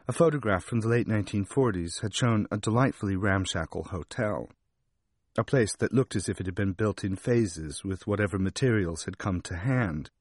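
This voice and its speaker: A man narrating a travel book in a wry, measured manner. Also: low voice, no room sound, studio quality. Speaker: audiobook narrator.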